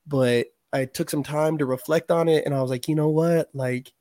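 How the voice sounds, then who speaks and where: A man's voice: fairly high pitch, steady tone, moderate pace, warm tone, no room sound, clean studio sound. Man telling stories, loose and profane. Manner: loose, profane storytelling with slang. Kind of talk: casual chat.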